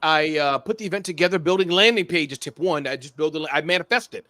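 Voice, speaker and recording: A man who is a guest on a podcast, talking in a lively, playful way and acting out phone calls with sound effects. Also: a little high, brisk, no echo, clean studio sound. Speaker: guest, small business expert. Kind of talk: animated podcast conversation.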